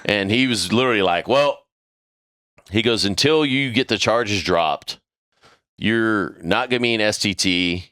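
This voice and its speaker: A middle-aged man tells a war story over the mic in loose, profane podcast chat, jumping into the voices of his old superiors as he goes. His voice sits fairly low and has a bright, forceful edge. The sound is dry and close. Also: a little slow, smooth, no room sound. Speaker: podcast crew member telling a story.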